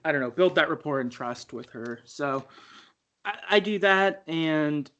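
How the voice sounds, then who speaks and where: A man's voice: a little high, animated, a little slow, sharp tone, highs cut off. A man co-hosting a podcast, casually recapping a story game in a rambling way and laughing easily. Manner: rambling, many fillers and restarts, laughs easily. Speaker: podcast co-host.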